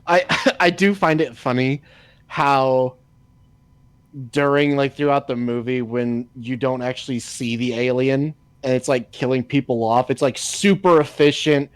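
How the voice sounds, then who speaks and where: A man's voice: medium pitch, steady tone, measured pace, clean tone, no room sound. A man co-hosting a casual podcast chat, laid-back and chuckling, swearing freely.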